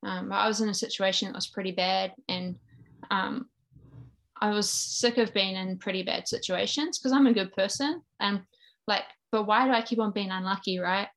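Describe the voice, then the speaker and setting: A woman's voice: mid-range voice, fairly even intonation, normal speed, vocal fry, a bit bright. Earnest New Zealand woman telling her story. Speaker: guest. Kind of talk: personal faith testimony in conversation.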